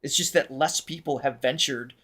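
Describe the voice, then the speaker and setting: A man hosting a reaction show as a vocal coach, explaining things in a casual, animated way and laughing often. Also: mid-range voice, normal speed.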